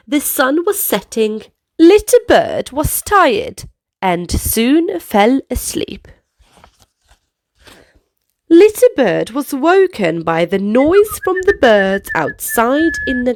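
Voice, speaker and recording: Animated woman reading to kids. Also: sits high, no room sound. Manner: animated, sing-song, playful sound effects. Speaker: storyteller. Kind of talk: picture-book read-aloud for kids.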